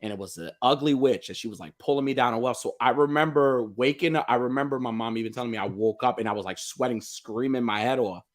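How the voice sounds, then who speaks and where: A middle-aged man hosting a casual toy podcast chat, animated and laughing often as he tells stories. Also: medium pitch, quick pace, few pauses. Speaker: podcast host.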